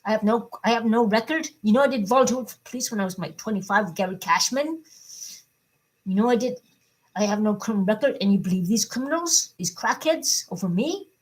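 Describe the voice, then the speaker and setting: A woman's voice: mid-range voice, fairly quick, breathy edge, poor audio. Upset woman ranting in a vlog. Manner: upset, profane, swings between shouting and subdued. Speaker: vlogger. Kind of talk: personal video update, emotional rant.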